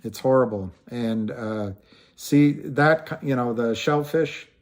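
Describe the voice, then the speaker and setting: A man's voice: mid-range voice, slow pace, a little mellow. A man hosting a casual livestream, rambling with frequent restarts and trailing thoughts, and greeting viewers by name as he answers them. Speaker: livestream host.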